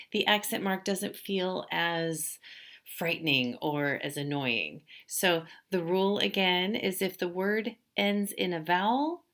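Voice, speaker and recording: A woman teaching a language lesson, explaining patiently step by step and slowly drawing out example words. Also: mid-range voice, fairly bright tone. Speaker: Spanish teacher.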